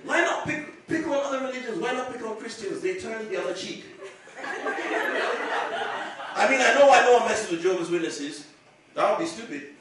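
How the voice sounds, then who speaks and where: A man's voice: very high voice, lively intonation, brisk, pauses often, heavy background noise. A man performing stand-up comedy on a club stage, chatty and teasing, laughing through his jokes. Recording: echoey room from far off with crowd. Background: audience laughter.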